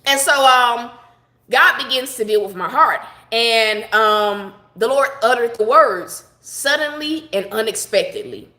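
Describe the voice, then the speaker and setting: Bright-voiced woman giving heartfelt devotional talk. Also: on the high side, lively intonation, measured pace, reverberant. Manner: conversational storytelling, heartfelt and reflective. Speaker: devotional broadcaster.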